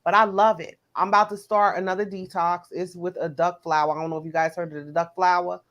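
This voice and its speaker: A woman's voice: on the low side, fast, lo-fi sound. Chatty New Jersey woman. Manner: animated, chatty. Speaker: co-host. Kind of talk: casual chat.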